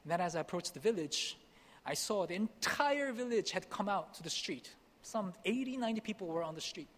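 A young man from Korea telling a personal testimony as a missionary speaker, animated and acting out the dialogue. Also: sits high, fairly quick. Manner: animated, acts out dialogue, laughs at himself. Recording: long hall reverb.

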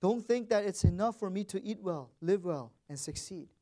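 A man's voice: sits high, lively intonation, moderate pace, warm tone. A man preaching a sermon as pastor in a church, stressing words and repeating phrases for emphasis.

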